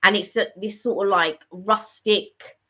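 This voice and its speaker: Speaking a little slowly with fairly even intonation, a middle-aged woman co-hosts a vlog in casual conversation. Her mid-range voice is a bit bright, and she rambles with frequent fillers and restarts over slightly dull lo-fi audio.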